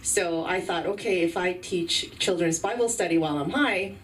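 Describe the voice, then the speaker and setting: A woman's voice: lowish voice, normal speed. A woman headlining a stand-up set, hesitant, with ums and small laughs. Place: comedy club open mic. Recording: far from the mic, faint room noise.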